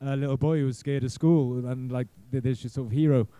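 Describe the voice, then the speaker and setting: Middle-aged male panel guest, mellow smooth voice, halting self-deprecating storyteller, dry close sound. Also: medium pitch, steady tone, dry recording. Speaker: guest actor. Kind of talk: casual convention panel storytelling. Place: convention panel room.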